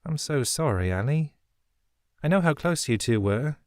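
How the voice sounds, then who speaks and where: A man voices a shrewd, wry young woman smuggler who talks in a chipper, blunt way, pitching a little above his own voice but staying close to an everyday sound. His intonation is lively and his speed normal, in a clean studio recording with no room sound.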